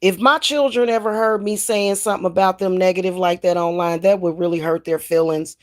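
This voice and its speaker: A woman's voice: lowish voice, fairly even intonation, a little fast, slight background noise. Blunt, cursing woman ranting to her viewers. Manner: blunt, profane, heated. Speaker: spiritual reader and vlogger. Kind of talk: casual ranting vlog.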